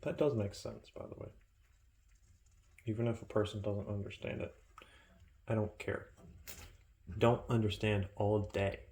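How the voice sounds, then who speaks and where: Speaking slowly and quietly, a vlogger rambles into his phone camera in his kitchen as his meal cooks. His casual monologue is calm and wandering, his sentences often trailing off.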